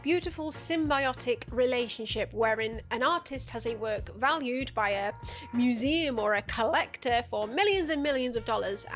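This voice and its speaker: A woman narrating a satirical commentary in a sarcastic, profane, joking manner. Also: high-pitched. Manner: sarcastic, profane, deadpan jokes. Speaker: video essayist.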